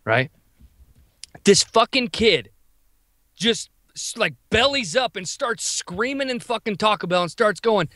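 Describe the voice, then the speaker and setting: A man co-hosting a podcast, telling a wild story in an animated, profane, quick-talking way. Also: high voice, no echo, studio quality. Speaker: podcast co-host. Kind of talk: casual storytelling.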